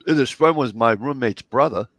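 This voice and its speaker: A man's voice: medium pitch, moderate pace, fairly bright tone, no room sound. A middle-aged man, telling rambling, profane stories and acting out the dialogue. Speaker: podcast co-host. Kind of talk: casual storytelling chat.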